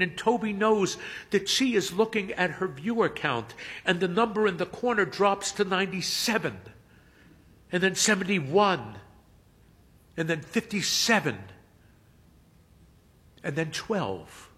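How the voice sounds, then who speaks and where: A man narrating a story in a measured, expressive storytelling manner. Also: high voice, in a large hall. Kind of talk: audiobook-style story narration.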